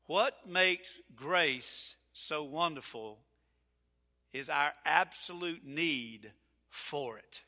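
A male pastor preaching a folksy, emphatic sermon, building to loud, drawn-out peaks. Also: fairly high pitch. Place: church sanctuary. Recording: reverberant church sanctuary.

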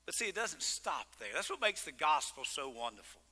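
A man preaching in an animated, exclaiming way, trading jokes with the people in the pews. His voice sits high and sounds very bright and sharp. It carries a long reverb, the sound of a big church sanctuary. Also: fairly quick, slightly rough. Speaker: pastor. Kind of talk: sermon. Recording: long reverb of a large hall.

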